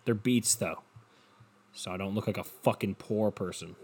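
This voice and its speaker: A man's voice: on the low side, normal speed, a little mellow, husky. Swearing young man rambling solo. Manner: crude, self-mocking, swears a lot. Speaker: podcast host. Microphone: cheap desk mic, headphones.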